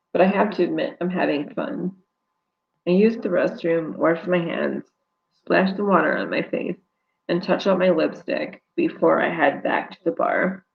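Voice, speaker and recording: Brief: author reading her book live, steady first-person narration, raspy fry. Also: fairly low pitch, dull audio.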